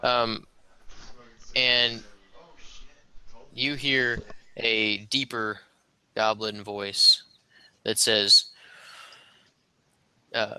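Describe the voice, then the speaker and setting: A man's voice: lowish voice, little pitch movement, very slow, long pauses, bright, forceful tone, clear, resonant tone, no echo, low-quality recording. A man narrating as game master in a casual, hesitant way.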